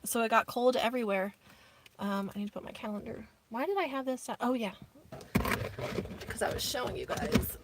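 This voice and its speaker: Heavy background noise surrounds a woman whose fairly high voice keeps a moderate pace and pauses often. A vlogger hosting a live stream, she chats casually from inside her minivan while camping off grid outdoors, reading viewer comments aloud and calling them "y'all."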